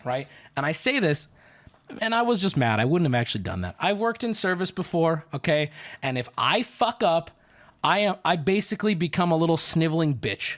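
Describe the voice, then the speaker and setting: A man's voice: a little high, big pitch swings, brisk, a bit bright. A man streaming, telling a story to his chat in an indignant, profane rant. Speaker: livestreamer.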